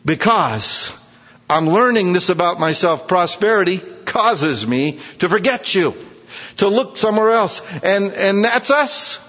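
A man preaching a sermon, animated, acting out prayers and swinging his voice up high when he voices them. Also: a little slow. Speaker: pastor. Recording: muffled, with long hall reverb.

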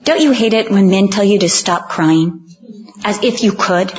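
A woman preaching a sermon, earnest and emphatic, slowing down on key lines and acting out the voices she quotes. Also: medium pitch, a little mellow, dull audio.

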